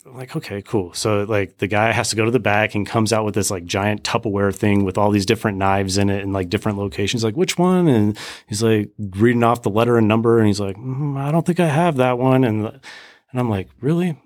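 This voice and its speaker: A man's voice: lowish voice, a little fast, dry recording, clean studio sound. A man telling a long personal story in casual chat, acting out the quotes of the people in it. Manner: animated storyteller, acts out quotes. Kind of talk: casual faith podcast chat.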